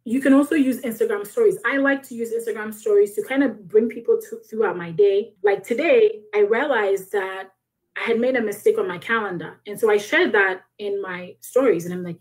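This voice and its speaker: A woman's voice: mid-range voice, lively intonation, normal speed, low-quality recording. Emotional woman guest, heartfelt and a little shaky, restarting her sentences. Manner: earnest, with frequent restarts and soft laughs. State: emotional, near tears. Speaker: guest, author and business owner. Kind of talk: emotional podcast conversation.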